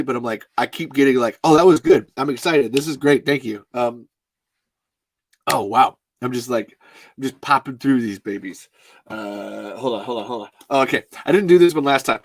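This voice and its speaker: A man hosting a podcast, chatting casually and excitably, rambling and laughing as he reads listener messages. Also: medium pitch, no echo. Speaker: podcast host.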